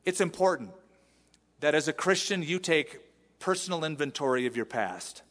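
Man, pastor, lively sermon, somewhat high voice, big echoing sanctuary. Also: moderate pace. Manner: animated preaching with acted-out quotes. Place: church sanctuary.

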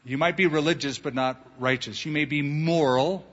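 A male pastor preaching a sermon, animated, acting out quoted voices in his stories. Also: on the high side, moderate pace. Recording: dull lo-fi sound in a reverberant hall.

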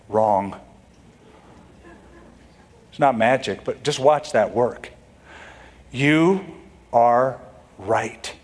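A man preaching a sermon with an animated delivery, slipping into mock voices for quotes. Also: on the high side. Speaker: pastor.

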